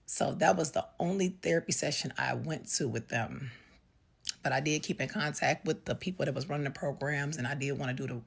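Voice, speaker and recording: A middle-aged woman speaks in a deep, breathy voice. She tells her story plainly, with pauses and fillers. Her delivery is raw and unpolished. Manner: raw, halting, conversational with fillers. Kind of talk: candid personal storytime.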